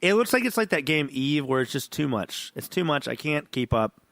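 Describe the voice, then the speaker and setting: A tipsy male podcast co-host who rambles, swears freely and laughs a lot. His fairly high voice is gravelly and swings widely in pitch. The sound is dry and close. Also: big pitch swings, fairly quick, a bit bright, dry recording. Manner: profane, rambling, laughs often. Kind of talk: casual chat.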